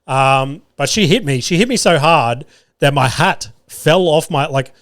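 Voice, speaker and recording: A man's voice: fairly high pitch, a little slow, no room sound, studio quality. An Australian man hosting a podcast and telling a rambling story in a casual monologue, swearing often. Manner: swears a lot, rambling and animated. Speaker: podcast host.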